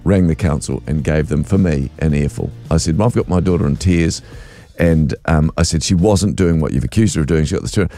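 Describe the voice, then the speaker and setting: A man's voice: extremely low pitch, fairly quick, faint music behind. A middle-aged man, chatting as a radio co-host and telling stories with easy laughs. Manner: animated storyteller, laughs easily. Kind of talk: casual radio chat.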